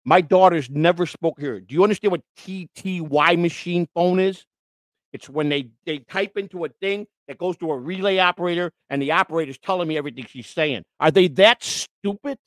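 A middle-aged man, ranting on his livestream, stumbling over restarts and swinging between loud outbursts and quiet asides. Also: on the high side, fairly quick, no echo. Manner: indignant, repetitive restarts, swings loud and soft. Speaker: livestream host.

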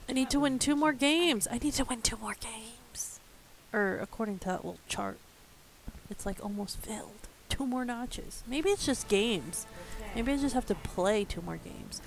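A woman's voice: fairly high pitch, lively intonation, normal speed, creaky, a little hiss or hum. A woman streaming a video game, chatting casually, teasing someone in the room and laughing often. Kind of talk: casual gameplay chat.

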